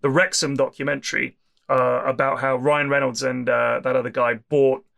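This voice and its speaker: A man co-hosting a podcast in casual chat, lively and jokey, quoting people in put-on voices. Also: mid-range voice, normal speed, creaky. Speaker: podcast co-host.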